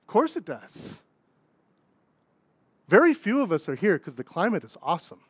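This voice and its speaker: Young man, pastor, chatty animated sermon style, higher voice, dry sound. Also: normal speed, husky, no room sound. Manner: conversational, animated preaching with asides and acted quotes.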